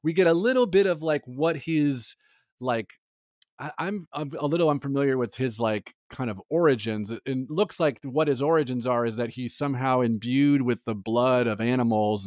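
This man co-hosts a casual pop-culture podcast, and he talks in a loose, animated way, leaning on fillers and laughing often. The voice sits at a middle pitch for a man. He sounds close to the mic in a dry room. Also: no echo. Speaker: podcast co-host.

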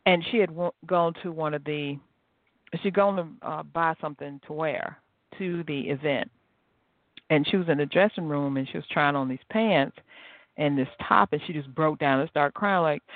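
A woman hosting her own podcast, telling stories in a chatty, animated, encouraging way. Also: sits low, no echo. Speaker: podcast host. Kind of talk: casual motivational solo podcast. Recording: tinny phone-like dry sound.

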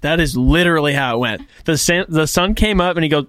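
A man's voice: fairly high pitch, fast talker, a bit bright, clean tone, dry recording, clean studio sound. A man co-hosting a podcast, chatting casually and joking with enthusiasm. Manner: enthusiastic, jokey. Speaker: podcast co-host. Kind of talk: casual chat.

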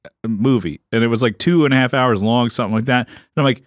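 A man's voice: medium pitch, quick pace, dry recording. Guy ranting on a podcast, acting stuff out, cursing, dry sound. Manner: animated, swears, acts out movie scenes. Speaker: podcast producer. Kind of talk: casual chat.

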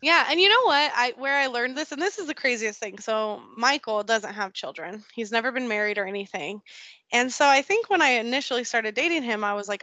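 A woman's voice: fairly high pitch, lively intonation, moderate pace, bright, forceful tone, no echo. A woman in her thirties, a podcast guest, chatting candidly and emphatically, laughing often. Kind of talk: casual conversation.

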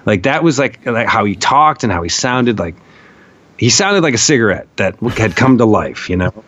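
A man's voice: lowish voice, moderate pace, muffled recording. A man telling stories as a podcast guest, rambling and profane, full of fillers. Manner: profane, rambling, animated storyteller with many fillers. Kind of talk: casual storytelling conversation.

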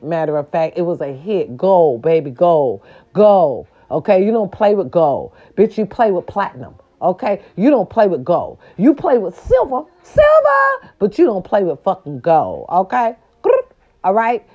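A woman rants straight at her viewers, sassy, profane and emphatic. Her voice is mellow and warm. The recording sounds a little dull and lo-fi. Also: lowish voice, animated, unhurried. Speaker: vlogger. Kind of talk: casual ranting monologue.

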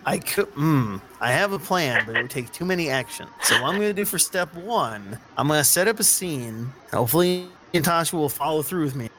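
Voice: mid-range voice, expressive, brisk, hardly any pauses, a bit bright, slight background noise. A player joking goofily through a tabletop game. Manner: goofy, joking. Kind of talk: casual game chat.

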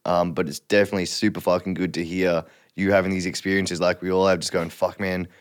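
Brief: low-voiced Aussie host, relaxed, chimes in with short agreements. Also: male voice, fast talker. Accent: Australian. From Australia. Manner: relaxed, affirming, swears casually. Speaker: podcast host. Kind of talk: casual chat.

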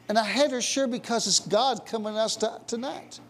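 A man's voice: very high-pitched, brisk, few pauses, a bit bright. A male pastor leading a charismatic church service, fervent and punctuating his talk with amens and hallelujahs.

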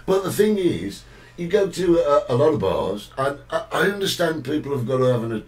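A man's voice: on the high side, big pitch swings, normal speed, a little mellow, far from the mic, poor audio. A man hosting a casual talk show, chatting and reading out viewer greetings. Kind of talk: casual chat.

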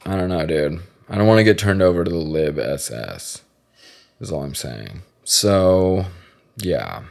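A man's voice: low-pitched, animated, unhurried, gravelly, a little mellow. A man hosting a podcast, chatting casually and crudely, joking and laughing often. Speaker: podcast host. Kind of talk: casual comedic chat.

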